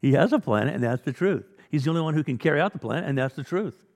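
A man's voice: on the high side, expressive, fast talker, darkish tone, big-room sound. A man preaching a sermon as pastor, blunt and exhorting, full of rhetorical questions and direct challenges to his listeners.

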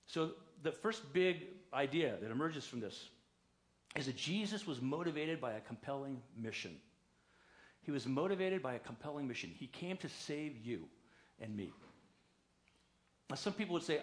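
A man's voice: animated, normal speed. A male pastor preaching a conversational sermon in a church, telling stories and acting out quoted voices. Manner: conversational storytelling preaching, acts out quotes with raised pitch. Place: church sanctuary.

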